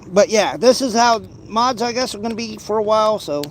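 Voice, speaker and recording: A man's voice: high-pitched, lively intonation, a little fast, few pauses. A man casually chatting to his livestream viewers while fishing outdoors, rambling with many restarts and playful teasing. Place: outdoors by a pond.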